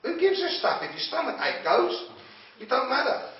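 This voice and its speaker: A man's voice: very high-pitched, very animated, moderate pace. Blunt man lecturing in an echoey room. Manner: blunt, challenging, pokes at the audience with questions. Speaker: motivational speaker. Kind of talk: confrontational talk to a group. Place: room with a group listening. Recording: echoey room, far from mic, dull lo-fi.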